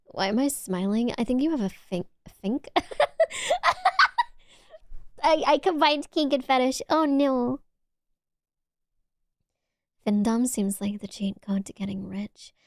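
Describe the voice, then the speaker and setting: A young woman with a Valley Girl accent chatting on her stream, talking loosely with lots of "like"s and sometimes dropping to a soft whisper. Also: slow, long pauses, dry recording, clean studio sound. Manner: chatty, filler-heavy with many "like"s, dips into low whispers. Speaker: VTuber streamer. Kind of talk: casual chat stream.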